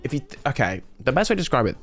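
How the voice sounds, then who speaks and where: Young uk guy on stream, chatty and rambly, keeps cutting himself off, laughs a lot, mid-pitched voice. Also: big pitch swings, very fast, a bit bright, faint music behind. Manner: rambling, self-interrupting, laughs often. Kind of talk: casual storytelling chat.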